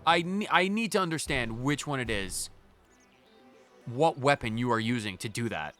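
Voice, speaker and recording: A man streaming a game, chatting casually in an animated, joking way with frequent stammering restarts. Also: mid-range voice, normal speed, faint music behind. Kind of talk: casual gaming commentary.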